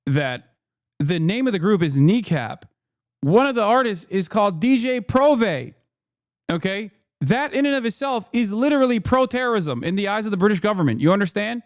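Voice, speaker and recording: A male streamer giving blunt, exasperated reaction commentary, swearing now and then. His voice is high for a man and smooth, and the sound is dry and close. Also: dry recording. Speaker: streamer host.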